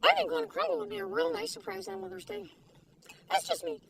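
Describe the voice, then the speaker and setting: A woman taste-testing food in a casual vlog, talking in an excitable, giggly, gushing way. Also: extremely high pitch, brisk, vocal fry. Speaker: food reviewer. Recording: distant mic with faint background noise.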